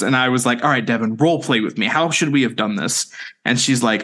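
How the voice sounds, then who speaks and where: Talking fast with lively intonation, a man co-hosting a podcast rambles through a long story, laughing a lot and making fun of himself along the way. It's casual storytelling chat, delivered in a mid-range, slightly bright voice.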